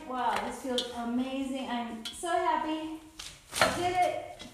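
Breathless woman podcast host, high voice, upbeat self-coaching, echoey room. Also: slow pace, heavy background noise. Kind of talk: casual motivational chat while exercising.

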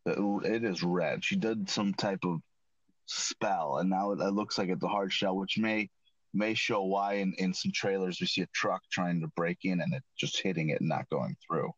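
Low-voiced man in a rambling casual recap. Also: normal speed, a bit bright, no echo. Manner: rambling, with frequent restarts and self-corrections. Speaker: podcast host recapping an episode. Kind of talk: casual chat. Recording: dull lo-fi dry recording.

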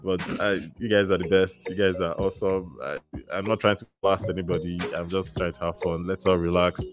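A man's voice: low voice, level tone, a little fast, soft background music. A man hosting a live stream, chatting casually with jokes, teasing and repetition. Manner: joking, teasing, repeats himself.

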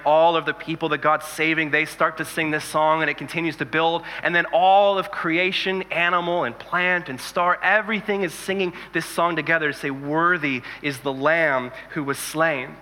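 Male pastor, 30s, chatty sermon delivery with jokes, slightly high voice, long reverb. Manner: conversational, animated storytelling with jokes.

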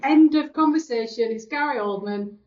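A woman's voice: high voice, normal speed, background noise. A woman co-hosting a casual film chat, enthusiastic and agreeable. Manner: enthusiastic, agreeable, laughs often. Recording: dull lo-fi recording.

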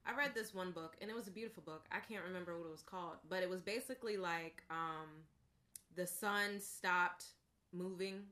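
A woman's voice: on the low side, normal speed, pushed and bright. A woman co-hosting a casual chat, rambling a bit and often saying "like". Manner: rambling, uses "like" a lot.

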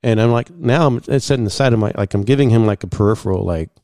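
A man guest in casual storytelling, animated, acting out what others said and using many fillers. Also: mid-range voice, racing, no echo, clean studio sound. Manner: animated, acts out quoted dialogue, many fillers.

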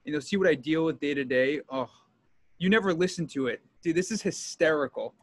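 Animated guy telling a phone story. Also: a little high, brisk. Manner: animated storytelling, acts out both sides of a call. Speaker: podcast host. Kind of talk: casual podcast chat.

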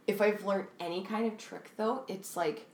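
A woman's voice: mid-range voice, steady tone, normal speed, reverberant, slight background noise. A woman from Canada hosting a casual interview, laughing easily and talking reflectively.

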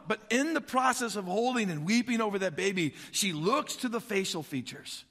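Animated male preacher, high bright voice, casual storytelling sermon. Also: normal speed, few pauses, big-room sound. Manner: animated, conversational, swings loud and soft.

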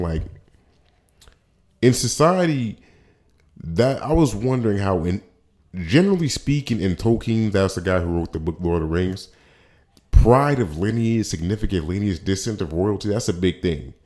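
A man with a very deep voice talks through his own podcast in a relaxed solo monologue. He rambles, restarts his sentences often and drops slangy asides as he goes. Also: moderate pace, pauses often. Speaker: podcast host.

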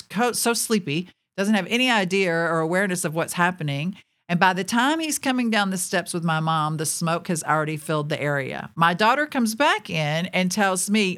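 Telling her personal testimony, a woman in her forties who works as a ministry speaker uses a voice on the low side. She tells it with animation, laughing between lines and speaking straight to her listeners.

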